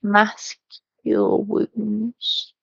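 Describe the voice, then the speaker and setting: A woman's voice: medium pitch, monotone, drawn-out words, vocal fry, slightly rough, dry recording, dull audio. A woman playing a tabletop game who talks hesitantly, with many ums and apologies. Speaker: player.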